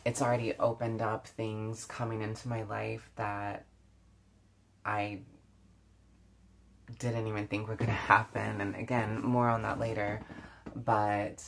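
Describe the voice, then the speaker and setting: A woman's voice: a bass voice, level tone, unhurried, gravelly, pauses often, slight background noise. A woman beauty vlogger chatting casually while doing her makeup, reflective, with many fillers and restarts. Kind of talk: casual get-ready-with-me chat.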